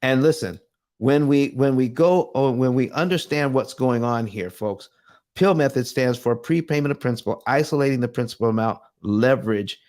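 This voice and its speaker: A man's voice: mid-range voice, normal speed, darkish tone. A man hosting a personal finance livestream who speaks emphatically to camera, often restarting and repeating himself as he presses his point. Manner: emphatic and earnest, with frequent restarts and repeated phrases. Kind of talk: motivational livestream talk. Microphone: webcam or desk mic, speaking to camera.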